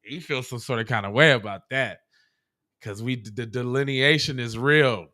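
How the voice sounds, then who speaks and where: A man hosting a podcast, reacting to clips in loud, mocking casual commentary full of swearing. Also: mid-range voice, normal speed, noisy background.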